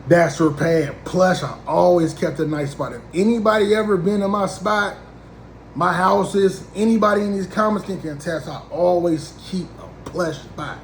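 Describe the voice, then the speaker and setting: Slangy storyteller man, fairly high voice. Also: moderate pace, echoey room, a little hiss or hum, poor audio. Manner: slangy, animated, acts out both sides of conversations. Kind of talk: casual comedic storytelling.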